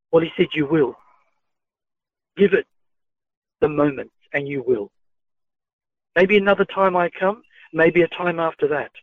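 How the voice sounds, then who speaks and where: A man recounting his own experiences as a story, retelling each line of dialogue in a measured way. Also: a little high, no echo. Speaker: channeled speaker recounting adventures. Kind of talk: first-person storytelling. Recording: tinny phone-like, dry.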